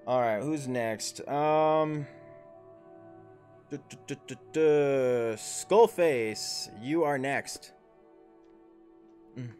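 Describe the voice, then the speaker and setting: A man's voice: mid-range voice, extremely slow, pauses often, darkish tone, soft background music. A man running a tabletop game as dungeon master on a livestream, coaching his players in an instructive way.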